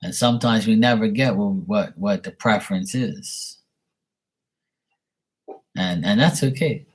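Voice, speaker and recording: A young man hosting a live stream, reading angel cards and chatting with viewers in a relaxed, rambling way. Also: on the low side, measured pace, slightly rough. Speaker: livestream host doing card readings.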